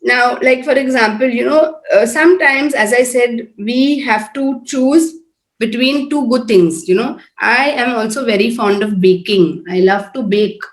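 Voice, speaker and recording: Middle-aged woman speaker, earnest conversational preaching, higher voice, echoey room. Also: unhurried. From Oman-based, Indian. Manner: earnest, conversational, repeats tag questions. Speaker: prayer group speaker. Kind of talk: informal sermon talk.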